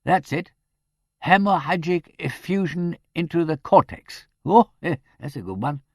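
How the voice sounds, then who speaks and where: A man's voice: a little high, unhurried, creaky, no room sound, studio quality, pitched above the performer's own voice. A man reading an audiobook, voicing a rural village constable who halts and stumbles over long words. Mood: halting.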